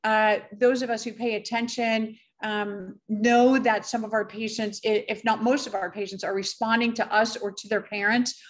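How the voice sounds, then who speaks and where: Woman presenting, measured and careful. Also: fairly high pitch, little pitch movement. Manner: measured, careful, with frequent fillers. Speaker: physician presenter. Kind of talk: conference presentation.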